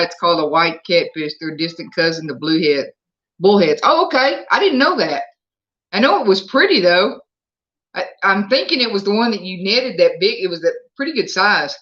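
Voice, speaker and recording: A mid-range, sharp-toned voice carries this casual live chat. The host, who has a Southern US accent, talks from home and replies aloud to viewer comments, with the sound slightly dull and lo-fi.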